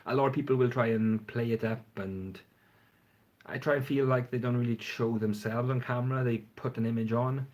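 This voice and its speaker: A man's voice: medium pitch, steady tone, moderate pace, a little mellow. A man chatting casually and frankly on a phone livestream, rambling and swearing now and then. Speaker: fragrance reviewer. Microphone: phone front camera.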